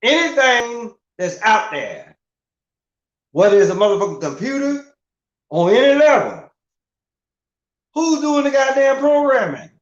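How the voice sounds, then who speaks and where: A man's voice: extremely high pitch, sing-song, a little slow, pauses often. A middle-aged man in a casual, profane rant as a livestream host, asking rhetorical questions with emphasis. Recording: roomy, dull lo-fi sound.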